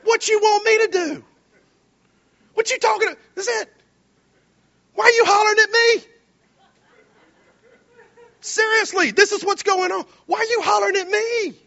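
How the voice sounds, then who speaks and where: A man's voice: very high voice, a little slow, gravelly, pauses often, sharp tone, lo-fi sound, voice pushed up, heavily acted. A man voicing God as an exasperated, impatient male figure who fires off scolding questions.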